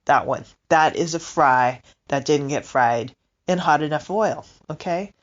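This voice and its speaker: A woman's voice: low-pitched, measured pace, highs cut off. A woman doing a stand-up comedy monologue, rambling and asking her listeners questions. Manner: rambling, animated, asks the audience questions. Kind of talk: comic monologue.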